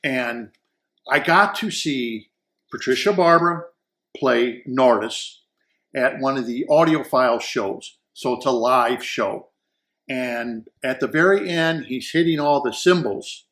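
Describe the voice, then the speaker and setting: A man takes his time in a slightly bright, mid-range voice, enthusiastically rambling through a casual audio gear review and repeating words as he looks for the right ones.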